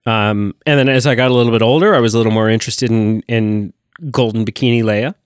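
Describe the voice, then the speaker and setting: A man's voice: mid-range voice, fairly even intonation, fast talker, clear, resonant tone, no room sound, studio quality. A man co-hosting a podcast, talking in an enthusiastic, rambling way with many restarts. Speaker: podcast co-host. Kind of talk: casual chat.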